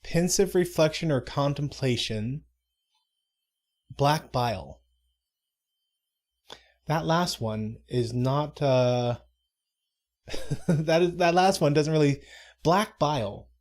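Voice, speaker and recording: A man co-hosting a live stream chats in a slow, rambling way, pausing often, interrupting himself, and making mock-dramatic asides. His voice is fairly high-pitched yet darkish in tone.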